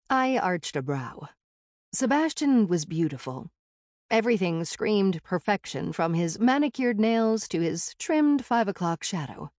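A woman reading a first-person audiobook in a wry, measured storytelling manner. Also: mid-range voice, very animated, darkish tone, no room sound, clean studio sound. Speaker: audiobook narrator.

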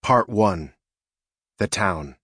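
Man, audiobook narrator, measured storytelling, lowish voice, dry studio sound. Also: expressive, fairly bright tone, slightly rough, no echo.

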